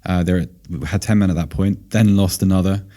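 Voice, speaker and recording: A man with a low, dark voice talks football on a casual podcast. He thinks out loud, hedging with plenty of fillers, and his voice sounds a little worn from talking a long time. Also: fairly even intonation, moderate pace. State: voice slightly tired. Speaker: podcast co-host, football analyst.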